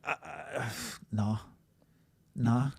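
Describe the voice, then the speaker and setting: A man's voice: medium pitch, drawn-out words, vocal fry, breathy edge, no room sound. A man with a Glaswegian accent, co-hosting a podcast in sweary, jokey casual banter. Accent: Scottish, Glaswegian. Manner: sweary, jokey, animated storytelling. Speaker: podcast co-host.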